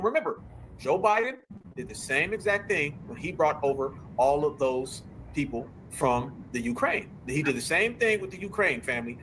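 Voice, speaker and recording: Animated high-voiced male commentator. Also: slight background noise. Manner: animated, sarcastic, slangy. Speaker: host. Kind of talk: political commentary show.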